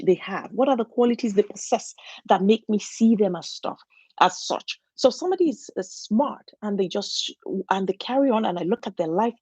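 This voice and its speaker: Husky-voiced woman giving an earnest pep talk. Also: mid-range voice, a little mellow, no room sound. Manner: earnest, encouraging, many restarts. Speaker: motivational speaker. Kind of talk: inspirational talk.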